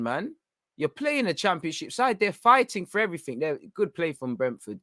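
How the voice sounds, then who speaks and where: Young man hosting a fan watchalong, bright tense voice, urgent match reactions, dry close sound. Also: a little high, moderate pace, no echo. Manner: excitable, urgent, coaching the players. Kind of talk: live match reaction commentary.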